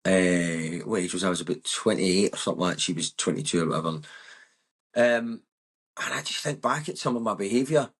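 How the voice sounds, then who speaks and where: A Scottish comedian in his thirties with a West of Scotland accent speaks quickly in a low, slightly rough voice. As a guest in a candid conversation, he talks bluntly and emphatically and swears often.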